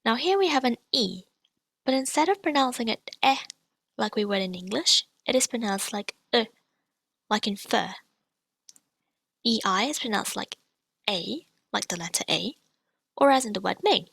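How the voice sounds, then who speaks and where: Woman, patient language teacher, slightly high voice with some vocal fry, demonstrates sounds clearly; dry, close recording. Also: expressive, unhurried, pauses often, a bit bright, no room sound. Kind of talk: scripted lesson narration.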